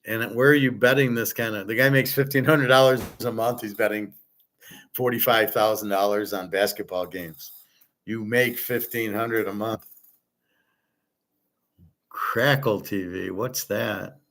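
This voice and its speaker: A man's voice: lowish voice, steady tone, unhurried, fairly bright tone. A man hosting a livestream, chatting casually and answering viewers' questions in a blunt, opinionated, wandering way. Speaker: livestream host answering chat. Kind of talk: casual rambling chat.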